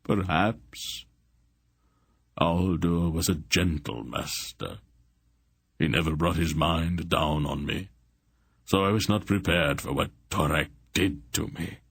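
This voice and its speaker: A tormented old sorcerer in a storybook, broken and full of despair, as a man reads him. His voice is deep and husky, and his slow lament comes close to sobbing. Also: no room sound, heavily acted.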